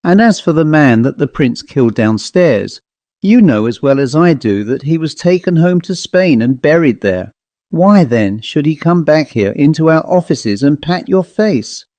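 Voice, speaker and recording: A man's voice: on the high side, sing-song, moderate pace, warm tone, no echo. A man voicing an indignant scolding woman bookkeeper. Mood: scornful. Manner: scolding, exasperated. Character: indignant sharp-tongued young woman bookkeeper.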